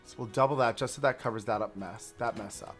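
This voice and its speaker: A man's voice: on the low side, quick pace, fairly bright tone, soft background music. A man casually talking through a theme park building game on a livestream, rambling to himself and to the objects he places. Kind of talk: casual gameplay commentary.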